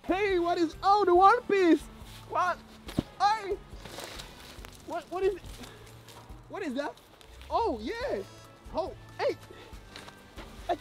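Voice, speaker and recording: A man's voice: very high voice, lively intonation, slow, long pauses, faint music behind. A man filming a joking complaining vlog, whiny and slangy, calling everyone "bro" and mixing in French words.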